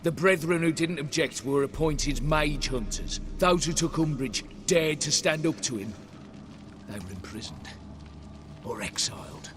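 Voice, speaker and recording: An actor playing a bitter, proud knight in a video game, slow and aggrieved. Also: male voice, a little high, expressive, over music. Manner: slow, aggrieved, rising to shouts.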